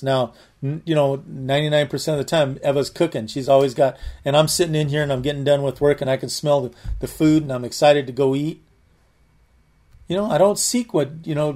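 A man's voice: fairly high pitch, a little mellow. A man giving conversational Bible teaching, earnest, often repeating and restarting his words.

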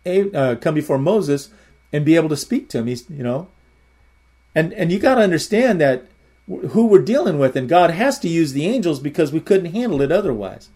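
A man with a slightly high voice shares a personal testimony from the pulpit. He speaks earnestly and rambles, restarting phrases and doubling words as he goes. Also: very animated, moderate pace, warm tone, breathy edge. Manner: rambling, repeats words often; earnest storytelling. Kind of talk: testimony sermon.

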